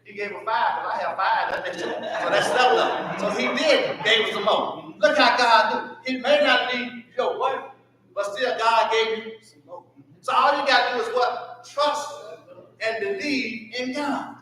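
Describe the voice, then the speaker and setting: A man's voice: very high-pitched, unhurried, crowd noise. A man with a Southern US accent teaching a Sunday school class, asking the group questions and answering them himself. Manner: call-and-response questioning. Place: church hall. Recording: echoey room from far off.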